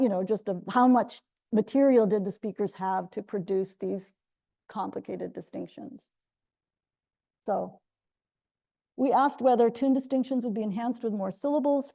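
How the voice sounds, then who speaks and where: A woman's voice: on the high side, gravelly, mellow. A middle-aged woman giving an academic linguistics talk, explaining step by step with frequent restarts. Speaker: linguistics lecturer.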